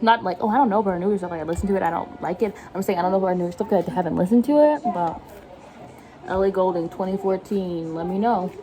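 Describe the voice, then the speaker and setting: A woman in her twenties chatting casually while cooking at home, rambling and self-mocking and laughing often. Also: mid-range voice. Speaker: vlogger. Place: home kitchen.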